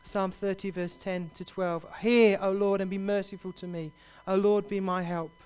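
A man preaching a sermon, building to loud, impassioned repeated cries. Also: sits high, flat delivery, moderate pace, clean tone.

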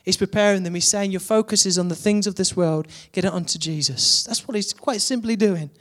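High-voiced man preaching a sermon. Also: a little fast, a bit bright. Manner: rising to emphatic repeated questions.

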